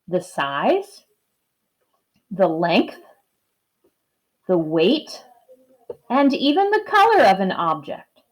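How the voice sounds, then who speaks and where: Slow, sing-song kindergarten teacher woman. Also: medium pitch, very animated, poor audio. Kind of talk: video lesson for young children.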